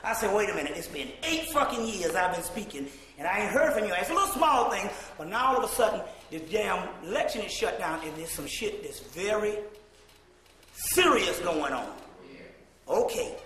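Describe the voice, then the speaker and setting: A man giving a profane, animated storytelling lecture, often breaking into shouts and laughter. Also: sits high, normal speed, a little hiss or hum. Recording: echoey hall recording.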